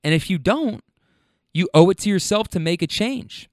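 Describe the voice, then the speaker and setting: Animated, frank man with a dry sound. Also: high-pitched, moderate pace, no echo. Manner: animated, frank, swears freely. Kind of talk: casual monologue retelling a conversation.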